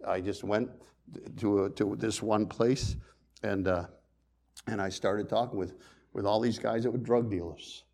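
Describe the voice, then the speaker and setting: A man pastor preaching a sermon, swinging between loud emphasis and quiet, hushed storytelling. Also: on the low side.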